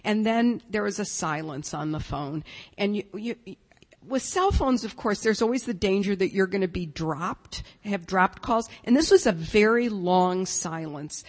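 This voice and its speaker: A woman's voice: medium pitch, animated, unhurried, a little mellow. An older woman telling a humorous, self-mocking personal story to an audience, with wry asides. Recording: long reverberant hall.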